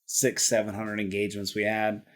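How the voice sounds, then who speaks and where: A middle-aged man with a fairly low voice talks casually as a guest. He stumbles and restarts his phrases. He laughs easily. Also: monotone, normal speed. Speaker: guest, retired Army helicopter pilot. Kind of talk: casual conversation.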